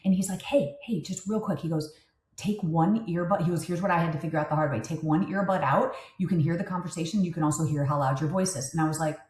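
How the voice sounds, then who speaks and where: A woman in her fifties co-hosting a podcast, telling candid stories in a casual, animated way with lots of asides. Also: low-pitched, fast. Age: 50s. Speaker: podcast co-host. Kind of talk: casual chat. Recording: echoey room.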